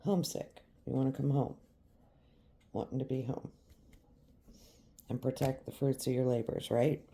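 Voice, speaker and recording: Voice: medium pitch, level tone, moderate pace, warm tone, slight background noise. A tarot reader giving a reading straight to the viewer, emphatic and repetitive. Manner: emphatic and repetitive, speaking directly to the listener.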